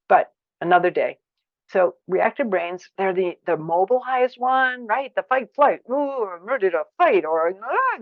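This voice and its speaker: A woman giving a workshop lecture, expressive, acting out feelings with sighs and exclamations. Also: lowish voice, vocal fry, no echo, dull audio. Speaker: teacher of a conflict practice.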